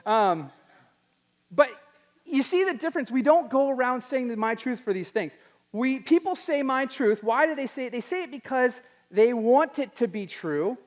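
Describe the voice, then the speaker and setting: A young man giving an animated talk to a youth audience, acting out quotes in put-on voices. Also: extremely high pitch, normal speed. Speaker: youth speaker.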